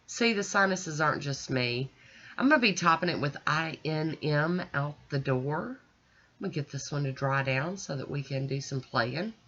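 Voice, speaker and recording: A woman's voice: low voice, animated, moderate pace, a bit bright, highs cut off. Stuffy, nasal woman gushing. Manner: chatty, gushing and folksy. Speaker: nail art channel host. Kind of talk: casual demonstration chat.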